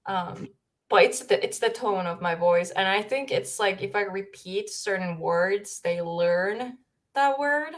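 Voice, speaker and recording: A woman's voice: medium pitch, unhurried. A young woman from Finland chats casually on her livestream from home. She rambles and giggles, talking straight into a desk microphone. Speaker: streamer host.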